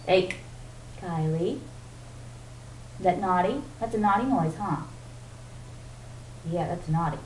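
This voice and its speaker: A pet owner coaxes her parrot in a sing-song baby-talk voice, praising and prompting it. Her pitch sits fairly low, and she takes it slowly with long pauses. The home-camera recording sounds roomy and distant, with loud noise.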